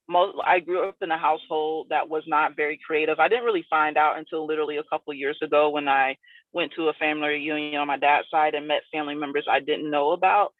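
A woman's voice: low-pitched, no echo. A woman from South Florida, a guest artist in a casual interview, talking in a loose, rambling way full of fillers. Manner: loose and rambling, many "like" and "you know" fillers. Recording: dry, tinny phone-like line.

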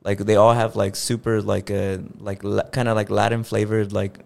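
A man from the United States co-hosts a podcast, talking in a relaxed, loose way packed with fillers. His voice is fairly low and gravelly, at a moderate pace.

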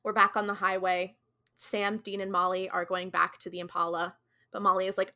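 A woman's voice: mid-range voice, steady tone, a little fast, sharp tone. A young woman recapping a TV episode in a chatty way, quoting characters and using lots of likes and ums. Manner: chatty retelling with quoted dialogue, many likes and ums. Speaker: podcast co-host.

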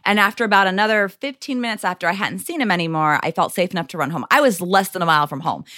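Earnest low-voiced woman telling stories. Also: racing, no echo, clean studio sound. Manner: earnest, animated storyteller, acts out quoted lines. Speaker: self-defense expert and guest. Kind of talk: interview, personal storytelling.

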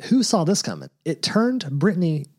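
A man's voice: a little high, big pitch swings, normal speed, darkish tone. A man co-hosting a podcast in casual chat, sarcastic and full of dry jokes. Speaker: podcast co-host. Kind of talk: casual chat recapping a TV show.

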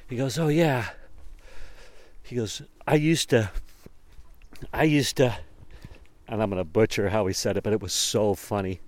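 A man's voice: lowish voice, no room sound. A man talking alone in a reflective, rambling monologue, often chuckling and breaking off mid-thought.

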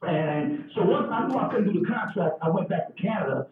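A man tells rambling, animated stories and keeps repeating himself. He talks fast in a high voice. He sounds far from the mic in a very echoey room, and the sound is dull. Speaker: guest telling stories. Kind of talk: casual storytelling chat.

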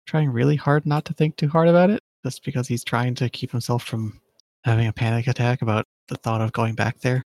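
A man playing a tabletop game, describing his character's actions in a brief, low-key way. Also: fairly even intonation, a little fast, darkish tone, no room sound. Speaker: player. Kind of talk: tabletop role-play.

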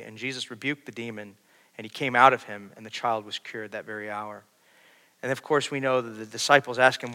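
A man's voice: mid-range voice, fairly quick. Man preaching in a reverberant hall. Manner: builds from quiet storytelling to loud, urgent preaching. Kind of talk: sermon.

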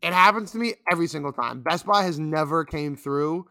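A man's voice: a little high, a little fast, sharp tone, dry recording, clean studio sound. A young man co-hosting a casual podcast, rambling and complaining with lots of fillers. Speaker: podcast co-host.

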